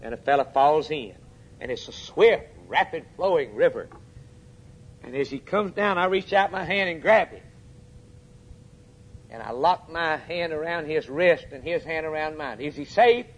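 A man preaching with fervent, emphatic delivery. His voice sits a little high for a man, and he swings from hushed, dropped lines to sudden loud urgent peaks. He asks his listeners questions directly. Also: animated, normal speed. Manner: addresses the congregation directly with questions. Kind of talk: sermon.

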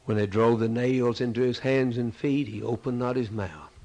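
A man preaching a sermon, swinging from loud, soaring rises to hushed, quiet drops. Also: mid-range voice, normal speed, rough recording.

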